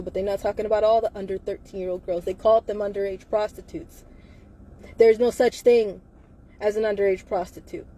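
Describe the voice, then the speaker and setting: A woman's voice: medium pitch, warm tone, slight background noise. A woman speaking in a live video, talking fervently and firing off repeated rhetorical questions. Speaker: livestreamer. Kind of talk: impassioned live video monologue.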